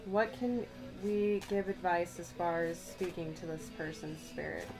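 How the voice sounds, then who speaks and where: A tarot reader gives a channeled reading, musing aloud and speaking directly to the listener over background music. Her voice is fairly low and a little slow, and she sounds slightly worn, as if losing her voice.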